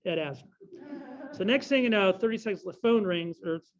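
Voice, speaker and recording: A man's voice: sits high, a little fast. A middle-aged man giving a talk with questions, telling rambling stories and correcting himself as he goes. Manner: rambling storyteller, self-correcting. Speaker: guest speaker. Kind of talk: anecdotal talk with Q&A. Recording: dull lo-fi recording.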